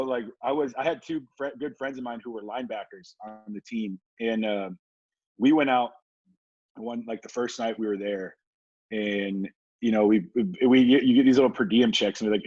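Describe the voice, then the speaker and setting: A man from Southern California, a former football player, telling a story as a podcast guest in a relaxed, laughing way, with lots of "like" and casual swearing. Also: on the low side, no room sound. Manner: laid-back, laughing, swearing, many fillers like "like". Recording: dull, dry podcast recording.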